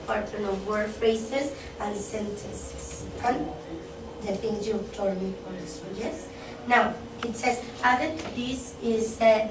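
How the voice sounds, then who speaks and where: A woman's voice: a little high, distant mic. A woman giving an interactive workshop presentation, quizzing the group and often checking in with "okay?" and "yes?". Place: classroom. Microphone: distant room mic. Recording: echoey classroom from afar, faint noise.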